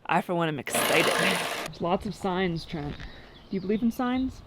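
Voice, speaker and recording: A woman's voice: on the low side, lively intonation, moderate pace, very noisy. A pregnant woman chatting casually for a vlog outdoors at a building site, laughing often. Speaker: vlogger.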